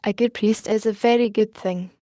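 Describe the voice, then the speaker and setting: A woman's voice: medium pitch, fairly even intonation, normal speed, warm tone, dry recording, studio quality, lightly acted. A woman reading the part of a weary, humble male ex-convict in an audiobook, eager and pleading. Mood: earnest.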